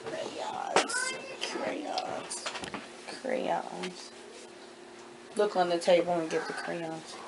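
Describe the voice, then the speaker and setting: Slow, gravelly-voiced mother coaching a child. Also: lowish voice, little pitch movement, very noisy. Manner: gentle and coaching, repeats each instruction step by step. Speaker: homeschooling mother teaching her kindergartner. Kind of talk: patient one-on-one handwriting lesson. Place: at home indoors.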